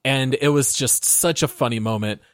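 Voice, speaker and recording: A man co-hosting a gaming podcast, telling a game story in a relaxed, detailed way. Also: medium pitch, normal speed, dry recording, clean studio sound. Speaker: podcast co-host. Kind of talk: casual gaming podcast chat.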